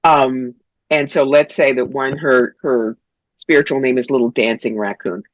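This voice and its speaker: Blunt, lively woman from New York with a dry close sound, for a guest spot. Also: rumbling low, normal speed, dry recording, rough recording. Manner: blunt, animated, funny storyteller. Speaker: psychic, guest. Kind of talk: interview, storytelling.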